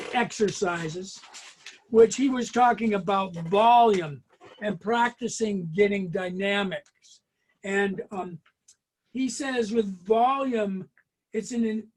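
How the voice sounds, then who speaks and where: A man's voice: high voice, darkish tone. A man leading a casual group brass lesson, explaining exercises in a chatty, hesitant way with many ums and restarts. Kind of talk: casual spoken music lesson.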